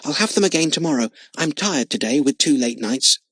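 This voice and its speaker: A man voicing a tired boy who speaks in a hushed, quick way in an audiobook. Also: on the high side, animated, slightly rough, no echo, clean studio sound. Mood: secretive. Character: tired boy whispering a secret.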